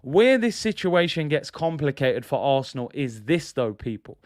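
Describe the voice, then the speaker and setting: A man's voice: mid-range voice, sing-song, normal speed, no echo, clean studio sound. A man hosting a casual football fan livestream, chatty and slangy. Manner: chatty, slangy, laughs at own jokes. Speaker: football channel host.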